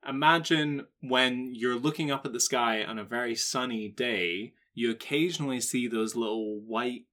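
A man's voice: mid-range voice, normal speed, bright, forceful tone. A man co-hosting a podcast, chatting casually and explaining facts at length in a rambling, jokey way. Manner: rambling, explains facts at length, slips into silly character voices. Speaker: podcast co-host. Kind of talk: casual chat.

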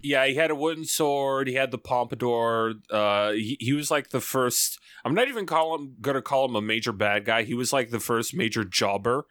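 A man chatting casually with friends, halting and starting over often. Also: medium pitch, fairly bright tone, dry recording, clean studio sound. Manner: halting, stammers and restarts. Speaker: podcast co-host. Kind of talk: casual chat.

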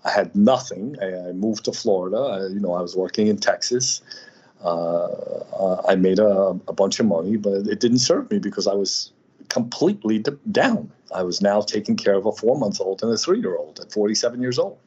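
A man speaking as a guest healer, telling personal stories in a halting way with many fillers and restarts. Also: on the low side, lively intonation, darkish tone, breathy edge. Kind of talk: personal storytelling in conversation. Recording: slightly dull lo-fi audio.

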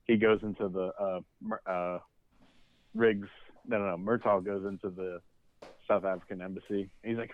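A man's voice: low-pitched, fairly even intonation, normal speed, no echo. A man co-hosting a podcast, telling anecdotes in casual movie chat. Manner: chatty, storytelling, with fillers. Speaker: podcast co-host. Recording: dry, tinny phone-like line.

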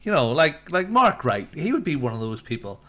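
A man co-hosting a gaming podcast in casual chat, excitable and rambling. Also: a little high. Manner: excitable, rambling, quick to laugh. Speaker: podcast co-host.

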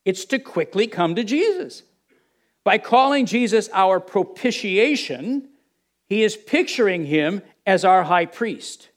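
Preacher, male, high voice, speaks to a congregation with rhetorical questions, hushed asides. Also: lively intonation, a little slow. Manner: drops to a low murmur for quoted dialogue, rises for emphasis. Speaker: pastor. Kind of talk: sermon.

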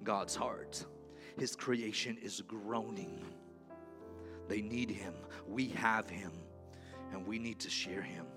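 A male pastor preaching a sermon, moving between quiet storytelling and loud, impassioned calls. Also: on the low side, slow pace, over music. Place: church sanctuary.

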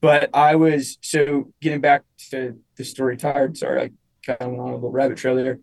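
Young guy on a podcast telling his story, rambly, says like a lot, mid-pitched voice. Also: level tone, normal speed, creaky, a little mellow, poor audio. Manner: rambling, full of "like" and restarts. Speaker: musician guest. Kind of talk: casual storytelling interview.

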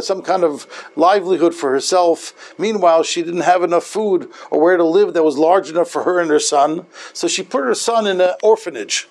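A man, a rabbi, gives a sermon built around a story, speaking in halting phrases with frequent restarts. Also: sits high.

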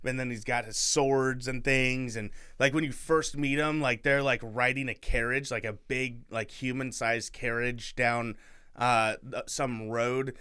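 A man's voice: mid-range voice, fairly even intonation, unhurried, bright, forceful tone, clean tone. A young man co-hosting a podcast, casually retelling a book with lots of fillers and restarts. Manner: rambling, filler-heavy storytelling. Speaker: podcast co-host.

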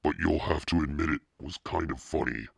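Man doing a fretful schoolgirl friend, pleading, audiobook reading, deep raspy voice. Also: fairly quick, no room sound, clean studio sound, exaggerated voice. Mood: worried. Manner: pleading, worried.

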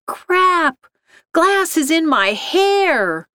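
A woman voicing a shrill, snappish office worker in a spoken story. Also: big pitch swings, takes it slowly, gravelly, a bit bright, no room sound, clean studio sound, full character voice. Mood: shrieking.

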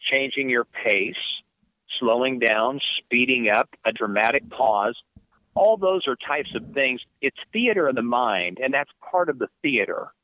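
A sports play-by-play announcer answers interview questions in a mid-range voice, reflecting as he goes and often restarting his sentences, with animated emphasis. The recording is dry, with a narrow, phone-like sound and no room sound.

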